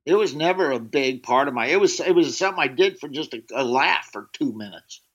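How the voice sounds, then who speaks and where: A man spins loose, rambling anecdotes in an interview, peppered with fillers and sudden hops into a drawling character voice. His pitch sits in an ordinary middle range. The recording sounds dull and slightly lo-fi. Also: expressive, brisk, fairly bright tone. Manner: rambling anecdotes, slips into a drawling put-on voice for quotes. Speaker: comedian guest. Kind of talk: casual storytelling.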